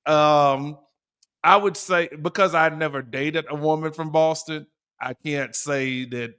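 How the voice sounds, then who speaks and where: A man's voice: a little high, steady tone, measured pace, sharp tone, smooth. A man co-hosting a podcast in casual chat, laughing often and playfully mimicking voices. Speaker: podcast co-host.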